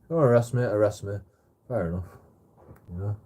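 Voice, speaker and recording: A man's voice: fairly low pitch, fast talker, pauses often, warm tone, lo-fi sound. A man telling a rambling story on a livestream, swearing heavily and repeating himself.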